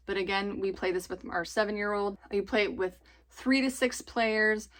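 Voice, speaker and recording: A woman in her thirties, a homeschooling mom, chatting enthusiastically about family board games and laughing often. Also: mid-range voice. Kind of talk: casual chatty review.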